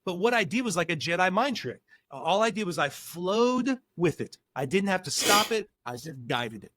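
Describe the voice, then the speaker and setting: A man speaking as a parenting counselor guest on a podcast, animated and acting out dialogue as he tells stories. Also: high-pitched, normal speed, a little hiss or hum. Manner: animated, acts out quotes in different voices. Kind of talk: podcast interview, storytelling.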